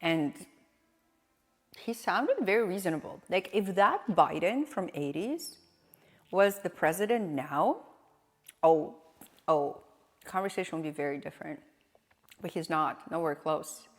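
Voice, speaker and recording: A woman's voice: lowish voice, lively intonation, measured pace, long pauses, long reverb tail. A woman streamer chatting casually, rambling and asking questions as she reacts to clips. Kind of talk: casual live-stream chat.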